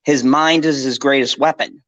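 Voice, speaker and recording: A man's voice: medium pitch, moderate pace, no echo, highs cut off. A man co-hosting a live pop culture stream, talking casually and ranting with lots of swearing. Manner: animated, profane, ranting.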